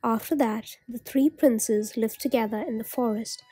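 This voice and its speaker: A woman narrating a storybook tale, reading aloud slowly and gently. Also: a little high, slightly rough. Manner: slow, gentle read-aloud.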